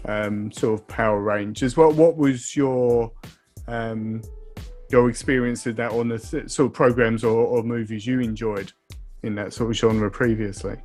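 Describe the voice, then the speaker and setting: A man's voice: mid-range voice, steady tone, unhurried, darkish tone. Male co-host, mid voice, tentative questions, faint music. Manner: searching, hedging phrasing. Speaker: podcast co-host. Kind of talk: casual interview chat.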